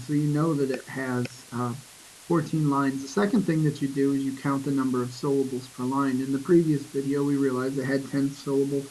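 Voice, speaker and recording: Teacher thinking aloud with a faint hiss. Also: male voice, mid-range voice, a little mellow, rough recording. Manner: thinks aloud with fillers, reads verse slowly. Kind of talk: screencast poetry lesson.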